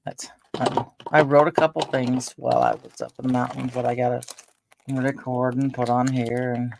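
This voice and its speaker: Older woman with a gravelly voice. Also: extremely low pitch, little pitch movement, normal speed, background noise. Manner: rambling, chatty, with frequent fillers. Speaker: vlogger. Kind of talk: casual chat.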